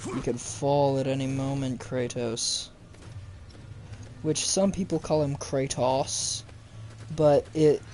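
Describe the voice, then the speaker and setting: A man's voice: fairly high pitch, darkish tone, slight background noise. A young man giving casual let's-play commentary, chatting and joking with his viewers as he plays. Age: young adult. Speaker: gaming youtuber.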